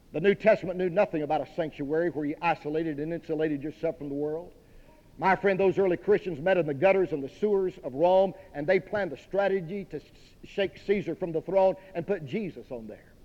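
Folksy preacher in an echoing hall. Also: male voice, fairly high pitch. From Dallas, Texas. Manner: emphatic preaching, direct and folksy. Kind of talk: sermon. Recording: dull long-reverb hall recording.

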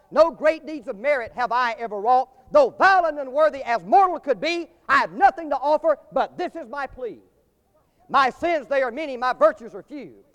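Male preacher, very high voice, builds to loud climaxes, long church reverb. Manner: preaching with a swelling cadence, rising to loud climaxes. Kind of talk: sermon.

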